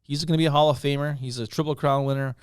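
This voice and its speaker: A man's voice: a little high, fairly even intonation, fast, clean tone, no room sound, clean studio sound. A middle-aged man from Utica, New York, telling a story as a guest author, rambling with fillers and restarts. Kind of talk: casual podcast chat.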